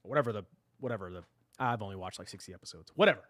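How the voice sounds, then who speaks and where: A man's voice: on the low side, expressive, very fast, fairly bright tone, no room sound. A man streaming a game live, ranting at his chat with mock drama and repeating himself. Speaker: gaming livestreamer.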